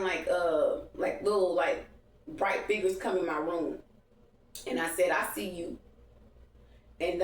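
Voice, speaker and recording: A woman's voice: on the low side, distant mic. A woman telling a rambling, profane late-night story to her viewers, calling them y'all. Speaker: vlogger. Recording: echoey room, voice a bit off-mic.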